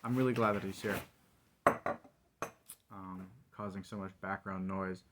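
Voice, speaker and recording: Rambling man with a lowish voice. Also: fairly even intonation, unhurried, very noisy. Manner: rambling, filler-heavy, wry. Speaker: vlogger. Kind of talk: casual solo monologue.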